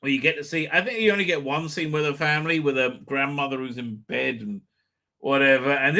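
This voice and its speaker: A man talks through a TV episode in a loose, digressive review, his voice sharp and bright and pitched a little high. He swears freely and keeps breaking into exasperated outbursts before dropping back to casual chat. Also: a little fast. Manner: profane, digressive, exasperated rants with sudden shouts. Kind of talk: rambling off-the-cuff review monologue.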